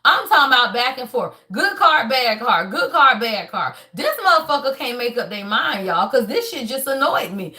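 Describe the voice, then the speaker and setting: Woman, tarot reader, high voice, emphatic and cussing, animated, casual reading to viewers. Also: normal speed, few pauses. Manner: emphatic and profane, keeps tagging lines with y'all; animated, breaks into laughs and shouts.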